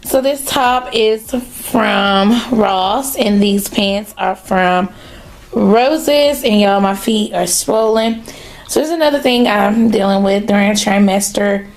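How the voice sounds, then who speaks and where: Slow-talking woman, out of breath. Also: mid-range voice, rough recording. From North Carolina, US. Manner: chatty, talks straight to viewers. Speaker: vlogger. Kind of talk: casual vlog chat. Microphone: phone held at arm's length.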